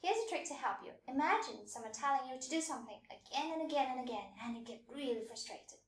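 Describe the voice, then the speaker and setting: High-voiced woman teaching pronunciation. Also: expressive, echoey room. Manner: clear, patient, demonstrates sounds slowly. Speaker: language teacher. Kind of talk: scripted pronunciation lesson.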